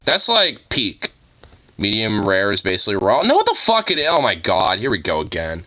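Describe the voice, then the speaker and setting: A man's voice: on the low side, huge pitch swings, moderate pace, pushed and bright. A man chatting casually among friends, joking and laughing, with plenty of fillers. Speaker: podcast host. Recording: music playing behind.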